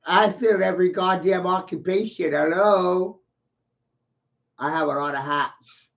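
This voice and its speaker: Profane ranting man, high bright voice. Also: measured pace, vocal fry. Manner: profane, boastful, ranting with bursts of loud laughter. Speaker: vlogger. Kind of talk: rambling profane monologue. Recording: dull lo-fi recording.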